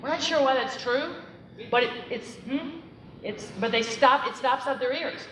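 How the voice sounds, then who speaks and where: A woman's voice: high-pitched, moderate pace, fairly bright tone, slight background noise. A middle-aged woman, a psychologist, giving a conversational, emphatic lecture to teachers and speaking directly to the audience. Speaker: psychologist and presenter. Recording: echoey room, voice from far off.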